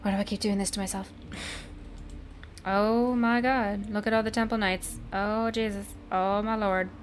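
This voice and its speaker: A woman's voice: medium pitch, fairly even intonation, moderate pace, slight background noise. Profane, chatty woman gamer with a sore throat. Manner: profane, self-mocking, chatty. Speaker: gaming host. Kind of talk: casual gameplay commentary.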